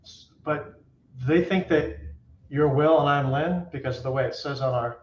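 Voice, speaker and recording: A man's voice: a little high, moderate pace, reverberant, lo-fi sound, a little hiss or hum. A man guest in a casual chat, easygoing and joking. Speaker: guest speaker. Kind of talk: casual chat on a video call.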